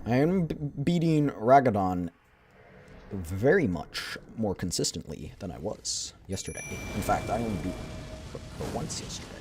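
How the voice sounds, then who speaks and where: A man streaming a game live, talking excitedly to his viewers and teasing himself about his play. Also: on the low side, normal speed, soft background music. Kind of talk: live gameplay commentary.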